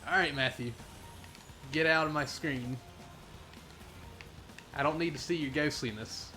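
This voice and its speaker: A young man commentating his own racing gameplay live, playful and jokey, getting excitable as he races. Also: on the high side, unhurried, soft background music. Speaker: gaming streamer.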